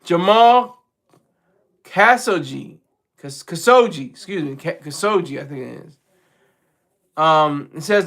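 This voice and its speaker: Male streamer host, high and bright, animated casual commentary with lots of restarts. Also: slow, pauses often. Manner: animated, repeats and restarts phrases.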